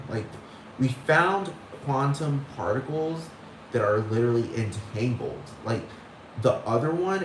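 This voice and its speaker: A speaker ranting in a casual monologue, swearing constantly and rambling with many "like"s and "dude"s. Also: mid-range voice. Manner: heavy swearing, rambling and exasperated; repeats phrases, many fillers like "like" and "dude". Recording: echoey room with faint background noise.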